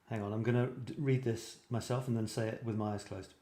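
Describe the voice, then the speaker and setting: On his live creative writing show, a man from Britain reads viewers' pieces aloud and rambles on with self-deprecating chatter in British English. He talks quickly in a mellow, medium-pitched voice against a roomy echo.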